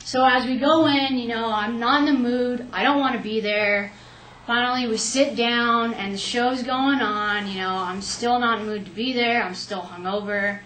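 Young woman, lively storyteller, higher voice, recorded in a roomy space. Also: moderate pace, recorded from a distance, a little hiss or hum. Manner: lively, animated retelling with quoted asides. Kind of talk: personal storytelling. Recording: echoey room, faint ambience.

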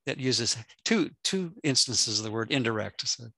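A man's voice: medium pitch, animated, moderate pace, bright, forceful tone, no room sound. A man leading a spiritual study group, musing in a casual way with fillers. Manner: musing, chuckling, hesitant with fillers.

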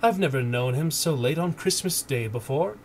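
A man voicing a worried, warm-hearted mother of a poor family in a read-aloud storybook. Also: fairly high pitch, animated, normal speed, a little hiss or hum, voice pushed up.

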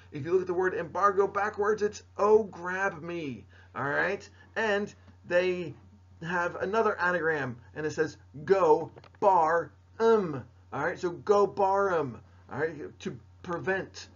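A man's voice: high voice, fairly bright tone. A man teaching a recorded history lesson to students, playful and jokey, talking straight to them. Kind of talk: recorded mini lecture. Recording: dull lo-fi recording.

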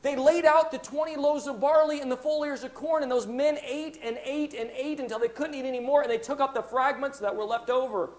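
A man's voice: very high-pitched, a little fast, few pauses. A man preaching a sermon in a church, telling a Bible story and acting out its characters' words. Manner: animated preaching, acts out quoted voices. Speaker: pastor.

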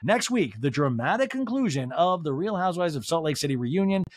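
A man's voice: on the high side, very animated, a little fast, no room sound, clean studio sound. A man hosting a podcast, recapping a show with gossipy asides. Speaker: podcast host. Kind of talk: casual recap commentary.

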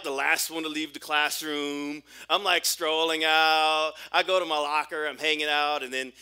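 A man in his forties preaching a sermon as a pastor, telling a personal story in an animated way with frequent restarts. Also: a little high. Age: 40s.

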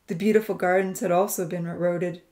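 A woman narrating a Christian novel in a measured, expressive reading voice. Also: on the low side. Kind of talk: scripted audiobook narration.

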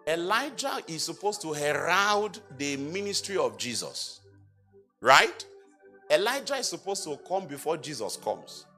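A male preacher with a bright, ringing voice gives a sermon in a church. His pitch swings widely as he reads scripture, quizzes the congregation and rises into loud, emphatic exhortation. Faint music sits under him. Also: very animated. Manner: asks the congregation rhetorical questions and answers them himself; reads scripture aloud in old-fashioned language, slow and emphatic. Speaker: apostle preaching.

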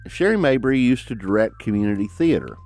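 Low-voiced man with a Southern mountain twang. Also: animated, fairly quick, a little mellow. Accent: Southern American mountain twang. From American South. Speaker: podcast host. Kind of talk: scripted podcast narration. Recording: dry studio voice with music underneath.

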